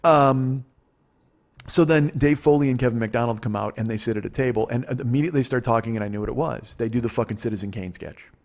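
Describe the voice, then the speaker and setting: A man's voice: mid-range voice, quick pace. Profane, rambling male storyteller. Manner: profane, rambling, animated retelling with quoted voices. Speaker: podcast host. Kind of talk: casual storytelling.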